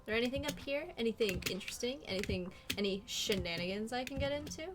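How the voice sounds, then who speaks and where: A woman's voice: on the high side, expressive, fast. A bubbly young woman streaming a game, chatting and giggling with her viewers. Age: young adult. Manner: bubbly, greets chat warmly, giggly. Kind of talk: casual live-stream chat.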